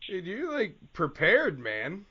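A man hosting a casual podcast with a high voice and a loud, joking, hype-man delivery. His voice is dry and close, on a slightly dull, lo-fi recording. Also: wildly swooping pitch, slow, breathy edge, dry recording, faint music behind. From Central Pennsylvania. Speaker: podcast host.

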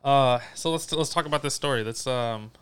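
A man's voice: mid-range voice, normal speed, fairly bright tone, clean tone. A man co-hosting a casual podcast, teasing his friend in a dry way, with many hesitations. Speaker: podcast co-host. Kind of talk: casual chat.

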